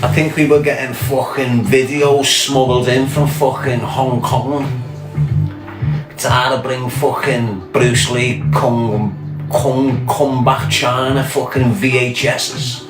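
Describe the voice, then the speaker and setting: A man from England with a Scouse accent chats to livestream viewers in a slow, flat, medium-pitched voice. He swears a lot and tells rambling stories, with music playing in an echoey room behind him.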